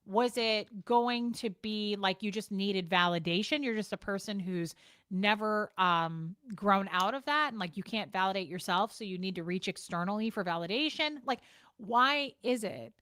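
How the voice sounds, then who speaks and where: A woman's voice: mid-range voice, normal speed, a bit bright, no room sound, studio quality. A woman vlogger ranting frankly and with exasperation, swearing and repeating herself as she talks to the camera. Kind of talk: casual talking-to-camera rant.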